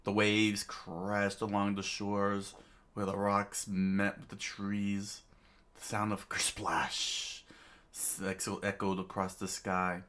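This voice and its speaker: A man's voice: lowish voice, completely flat delivery, slow, fairly bright tone. A man reading a manga aloud in a chatty way, with lots of fillers and laughs. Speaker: manga reader. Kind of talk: casual manga read-aloud.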